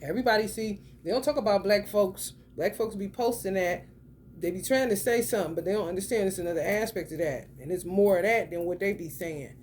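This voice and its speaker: A woman's voice: mid-range voice, brisk, a little hiss or hum. Blunt, foul-mouthed woman tarot reader. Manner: blunt, profane, slangy, swings between loud and muttered. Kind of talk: casual spoken tarot reading.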